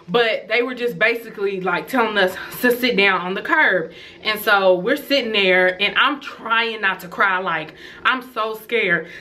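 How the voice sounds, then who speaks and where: Lively, bright-voiced woman telling a story. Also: a little high. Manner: animated, laughing storyteller. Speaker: storytelling vlogger. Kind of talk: casual storytime.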